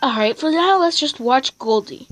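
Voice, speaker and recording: A woman's voice: sits high, animated, moderate pace, a little hiss or hum. A woman casually narrating a home video of her cats and chatting to them.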